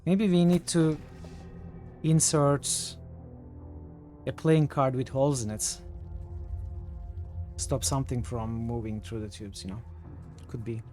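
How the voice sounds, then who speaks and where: Guy streaming an rpg, reads the text out then chats, mid pitch, faint music behind. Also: fairly even intonation, slow, long pauses. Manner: thinks aloud, reads narration in a lower, quieter voice. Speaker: streamer playing a role-playing game. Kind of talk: reading game text aloud and commenting casually.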